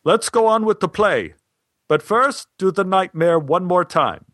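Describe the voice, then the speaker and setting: A man doing a frantic shouting stage director. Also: high-pitched, lively intonation, a little slow, dry recording, clean studio sound, voice pushed up. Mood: calling out. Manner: shouting, urgent, bossy. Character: frantic excitable male theater director.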